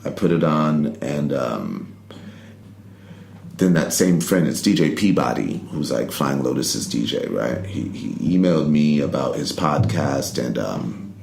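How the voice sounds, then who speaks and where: A middle-aged man, a poet and rapper, telling stories in a relaxed interview, rambling with many "you know"s and "like"s. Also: extremely low pitch, a little slow, creaky, a little hiss or hum. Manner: laid-back, rambling, lots of "you know" and "like". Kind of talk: casual interview storytelling. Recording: roomy recording with faint ambience.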